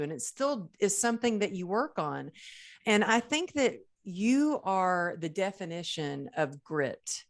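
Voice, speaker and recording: Woman, lowish pitch, earnest, animated, podcast host. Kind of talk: conversational interview.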